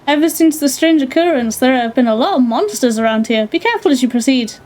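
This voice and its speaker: A woman's voice: high-pitched, expressive, fast, darkish tone. A woman reading aloud the lines of a friendly male fish-like prince from a video game, in her own voice. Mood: earnest. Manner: plain read-aloud of game dialogue.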